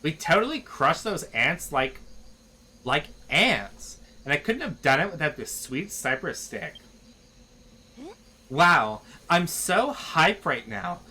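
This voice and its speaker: A man's voice: on the high side, very animated, slow, bright, forceful tone, a little hiss or hum, exaggerated voice. A man voicing a bubbly young woman soldier who talks in upbeat valley girl slang. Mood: excited.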